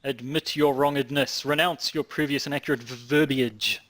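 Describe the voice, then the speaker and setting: A man's voice: medium pitch, steady tone, normal speed, a bit bright. A man co-hosting a podcast over a video call, with wry, teasing banter. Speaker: podcast co-host. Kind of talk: casual chat. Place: home in New Zealand.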